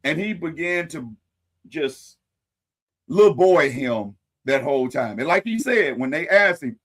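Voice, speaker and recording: Animated man hosting a live stream. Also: a little high, measured pace. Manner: animated, folksy sayings, wry asides to viewers. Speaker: host. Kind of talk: casual commentary on a live stream.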